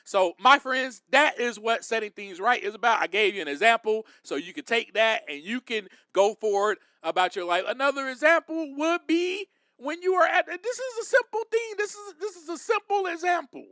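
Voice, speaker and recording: A man with a high, bright voice delivers a recovery advice monologue to his listeners. He talks in a direct, emphatic, preaching way. The sound is dry and close, with no room echo. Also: lively intonation, normal speed, few pauses. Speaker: podcast host.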